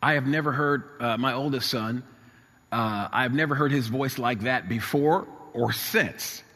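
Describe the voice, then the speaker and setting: A middle-aged man delivers a sermon, his voice a little husky and breathy. He speaks earnestly and with emphasis, circling back over his phrases as he builds the story. His words ring out with a long reverb, as if from a large church hall. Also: medium pitch, unhurried, a bit bright. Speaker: pastor.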